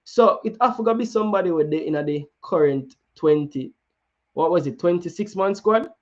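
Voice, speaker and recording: Speaking at a moderate pace in a high voice, a Jamaican-accented man hosts a football talk show over dull audio. His chat is casual, sliding into patois, with many false starts.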